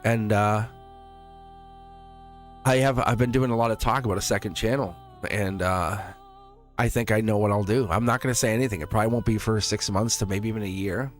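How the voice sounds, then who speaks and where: A middle-aged man hosts a live tarot stream, rambling in a casual, chatty way and laughing often. His voice is fairly low with fairly even intonation and a fairly quick pace, and faint music plays behind him.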